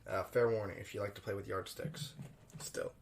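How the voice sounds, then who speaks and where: A young man hosting a podcast, reviewing a film alone in a loose, profane, chuckling way and jumping louder for emphasis. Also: lowish voice, fairly even intonation, normal speed, vocal fry. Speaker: podcast host. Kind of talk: casual solo film review.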